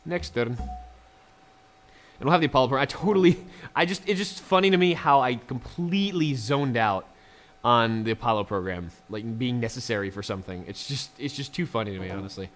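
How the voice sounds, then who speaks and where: A man's voice: mid-range voice, lively intonation, brisk, fairly bright tone. A man casually commenting on his strategy game, chatty and laughing often, talking to the units on screen. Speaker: let's play gamer.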